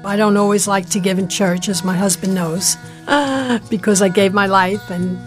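A woman speaks earnestly about her beliefs, pausing and restarting as she finds her words. Plucked guitar music is clearly heard behind her. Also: mid-range voice. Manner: earnest, halting. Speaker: interviewee. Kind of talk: personal reflection.

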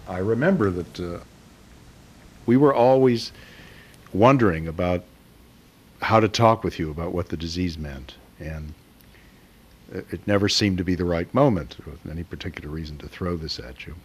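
A middle-aged man, a father, telling a family memory in a halting, emotional way with many hesitations. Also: low voice, husky. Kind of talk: personal storytelling interview.

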